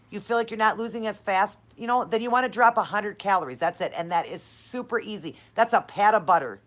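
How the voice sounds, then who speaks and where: A woman's voice: mid-range voice, normal speed, hardly any pauses, fairly bright tone. A woman hosting a live-stream Q&A, talking straight to her viewers in an effusive, encouraging and heartfelt way. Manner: talks straight to viewers, calling them "you guys" and "honey". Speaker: channel host answering live viewer questions.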